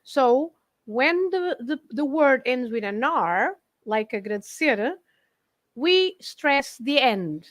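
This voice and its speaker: A woman's voice: sits high, animated, slow, no room sound. A woman with a Portuguese accent who explains language points patiently in a casual live chat and often laughs.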